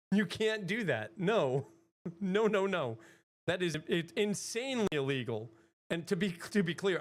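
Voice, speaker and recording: A woman streamer in casual livestream chat, rambling, swearing freely and laughing a lot. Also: low voice. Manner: rambling, chatty.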